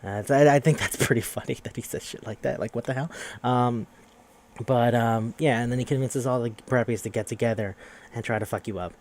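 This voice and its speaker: A man's voice: medium pitch, a little fast, darkish tone, slight background noise. A man hosting a podcast, casually recapping a video game in a rambling, profane way and acting out characters' lines. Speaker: podcast host.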